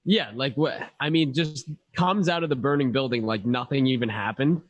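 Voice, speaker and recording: A man's voice: medium pitch, normal speed, dry recording, muffled recording. A man co-hosting a podcast, recapping a movie in casual chat, laughing often and acting out lines. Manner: laughs often, acts out quotes. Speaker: podcast co-host.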